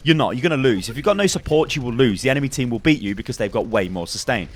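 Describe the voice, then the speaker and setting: A young man giving a game tips guide in an emphatic, repetitive, worked-up way, his voice slightly hoarse. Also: mid-range voice, animated, fast talker, hardly any pauses. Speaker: gaming YouTuber.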